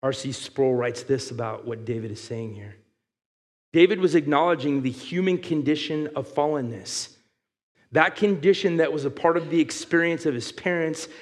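A man preaching a sermon, reading scripture aloud and building to loud, emphatic passages. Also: a little high, big-room sound. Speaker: pastor.

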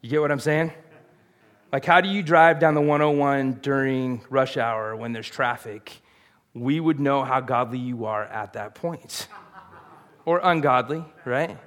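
A man's voice: medium pitch, a little slow, fairly bright tone. A middle-aged man, preaching a sermon in a casual, conversational way and putting questions to the congregation. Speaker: pastor.

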